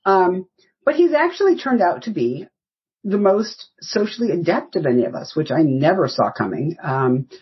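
A woman's voice: fairly low pitch, big pitch swings, moderate pace, slightly rough, highs cut off. A woman in her fifties from the United States, a podcast guest telling rambling, anecdotal stories in casual interview chat. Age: 50s.

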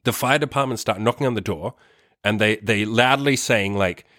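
A man's voice: fairly low pitch, moderate pace, a bit bright, no room sound, clean studio sound. Young man telling a wild story, cursing. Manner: profane, rambling, filler-heavy with tag questions. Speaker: vlogger. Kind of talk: casual storytelling to camera.

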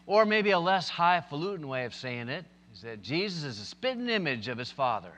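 A man's voice: fairly high pitch, big pitch swings, fairly quick, a bit bright, in a large hall. A man preaching a sermon, telling stories and building to emphatic, impassioned points. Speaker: pastor.

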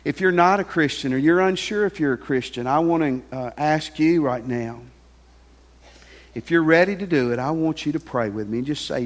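A pastor preaching a sermon, telling a story and sinking to a soft hush on key lines. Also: male voice, fairly high pitch, normal speed. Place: large church hall. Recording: long hall reverb with faint music.

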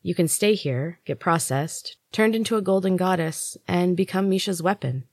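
A woman voicing a secretive young female servant who talks in a hushed, hurried way. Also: on the low side, no echo, clean studio sound, voice pushed up. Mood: frustrated.

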